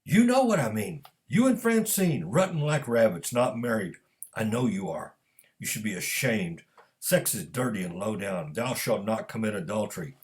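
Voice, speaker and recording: A man's voice: fairly low pitch, normal speed, natural voice. A man voicing a self-righteous churchgoing woman who scolds in a preachy, condemning way. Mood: scolding.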